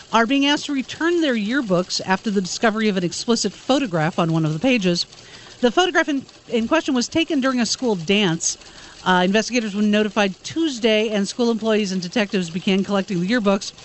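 A woman's voice: medium pitch, expressive, a little fast, a little hiss or hum. A woman reading entertainment news stories on a talk show, with casual fillers. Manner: reads stories with hesitant fillers.

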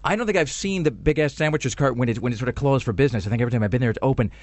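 A man's voice: medium pitch, rapid-fire, darkish tone, no echo. Rambling, joking male talk host. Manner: joking, rambling, full of fillers. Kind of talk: casual chat.

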